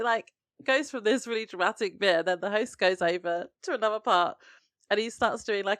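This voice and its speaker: A woman co-hosting a podcast, narrating the plot of a TV episode in a steady, chatty way. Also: medium pitch, no echo. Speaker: podcast co-host. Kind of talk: casual chat recapping a TV episode.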